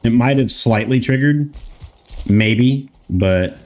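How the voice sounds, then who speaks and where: Around thirty and from the United States, a man streams a game and chats loosely with viewers, rambling, answering chat and swearing casually in his gameplay commentary. His voice is medium-pitched and slow.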